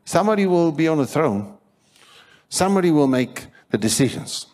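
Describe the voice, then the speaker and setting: South african guy preaching in church, voice all over the place, shouts stuff out for effect. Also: a little high, moderate pace. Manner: animated storytelling, acts out quoted voices, shouts for emphasis. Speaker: pastor. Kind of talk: sermon.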